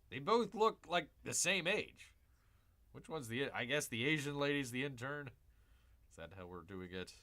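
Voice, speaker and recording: A man's voice: medium pitch, sharp tone. A man hosting a livestream in casual, joking commentary, rambling through asides, repeating himself and calling himself Bear. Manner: joking, calls himself Bear in third person. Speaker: livestream host.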